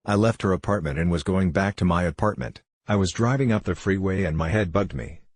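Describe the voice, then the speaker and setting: Low husky man, reflective. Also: brisk, no echo, clean studio sound. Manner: reflective, heartfelt storytelling. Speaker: interviewee. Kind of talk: candid interview answers.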